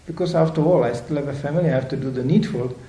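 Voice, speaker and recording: Animated older man lecturing in an echoey room. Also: on the high side, very fast. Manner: animated storytelling, acting out voices in quotes. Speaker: spiritual teacher.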